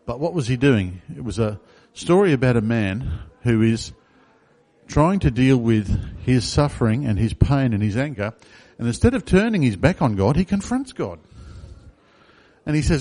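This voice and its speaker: A man's voice: mid-range voice, very animated, moderate pace, warm tone. A man preaching a sermon in a conversational way, asking the congregation questions. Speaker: pastor.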